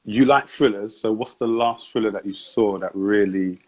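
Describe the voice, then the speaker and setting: A man's voice: on the low side, moderate pace. A man hosting a live-streamed interview show, talking in an upbeat, chatty way with slang. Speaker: host.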